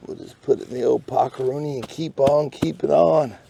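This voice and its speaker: Folksy Texan man, gravelly and mellow. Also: medium pitch, brisk, a little hiss or hum. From Texas. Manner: folksy, jokey, playful made-up words. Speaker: metal detecting channel host. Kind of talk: casual narration while detecting. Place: outdoors in a park.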